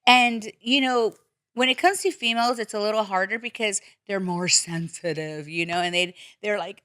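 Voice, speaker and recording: A woman's voice: medium pitch, moderate pace, no echo, studio quality. A woman podcast host in casual chat, telling stories bluntly with plenty of swearing. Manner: blunt, profane, animated storytelling.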